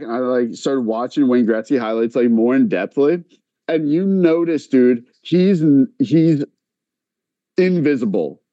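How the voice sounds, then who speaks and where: A man's voice: mid-range voice, no room sound, lo-fi sound. A man on a podcast telling a long story in casual chat, full of filler likes and quoting others as he goes. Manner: animated, many filler likes, quotes others in voices.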